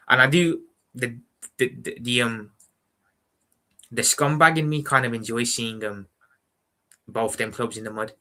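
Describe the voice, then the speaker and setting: Scouse fella doing a footy watchalong, low-ish voice, bright and forceful, keeps rambling on. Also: male voice. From Liverpool, England. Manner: blunt, rambling, repeats "you know what I'm saying". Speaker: football watchalong streamer. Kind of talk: casual live-stream chat.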